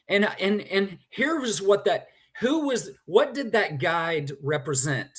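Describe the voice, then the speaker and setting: A man's voice: sits high, very animated, slow, fairly bright tone. A man, a guest in a conversation, telling a personal story with feeling and animation.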